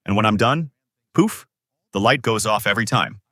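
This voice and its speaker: A man doing a nearly blind eighty-year-old fellow, excited and boastful. The voice runs bright and lively, full of swings in pitch. He sounds pleased with himself in a spoken joke. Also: moderate pace, no echo, studio quality. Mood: chuffed.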